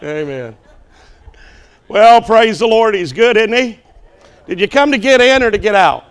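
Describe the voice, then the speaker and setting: A man's voice: sits high, a bit bright, clear, resonant tone. A male preacher at a church service who tells a joke from the pulpit and calls out to the congregation in a folksy, joking way. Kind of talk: sermon with a told joke.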